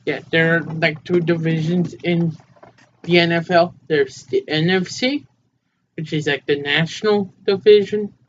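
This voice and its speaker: Young male podcast co-host, slightly high voice, easygoing and rambling, lo-fi sound. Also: fairly even intonation, unhurried. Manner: rambling, easygoing, hesitant fillers. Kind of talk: casual podcast chat. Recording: dull lo-fi mic with faint noise.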